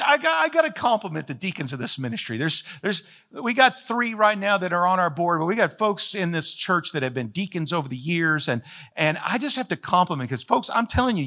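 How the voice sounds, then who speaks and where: A man's voice: sits high, sharp tone. A man preaching a sermon as the pastor, folksy and emphatic, repeating phrases to drive points home.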